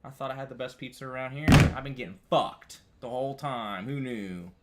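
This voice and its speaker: A man's voice: steady tone, fairly quick, heavy background noise. Ranting, foul-mouthed man from upstate New York. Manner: profane, ranting, swinging loud and high when worked up; rambling with frequent restarts and "dude". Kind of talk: casual chat.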